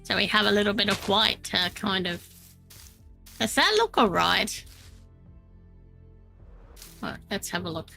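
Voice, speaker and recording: A woman streamer talks through her building session in a loose, chatty way, often poking fun at herself. Her voice is bright and edgy, with a gravelly rasp at the ends of phrases. Soft music plays faintly underneath. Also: mid-range voice, lively intonation, measured pace, pauses often, poor audio. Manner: chatty, self-deprecating, laughs often. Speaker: Minecraft streamer. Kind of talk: casual gameplay chat.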